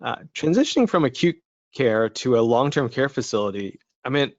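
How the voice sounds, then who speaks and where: A mid-pitched man from Canada hosts an interview, friendly and chatty as he moves things along with open questions. His voice sounds dry and close, with a dull, lo-fi band. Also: animated, a little fast, dry recording. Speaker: podcast host. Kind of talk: interview hosting.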